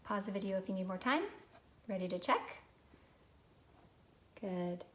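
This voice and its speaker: Slow, patient woman teaching phonics. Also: mid-range voice, fairly bright tone, slight background noise. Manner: slow, patient, prompting children to repeat. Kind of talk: recorded phonics lesson for young children.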